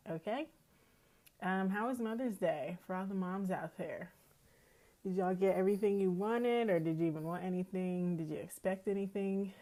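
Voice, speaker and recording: A woman's voice: lowish voice, mellow. A woman, hosting her own podcast in an easygoing, chatty way and laughing often. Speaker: podcast host. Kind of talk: casual chat.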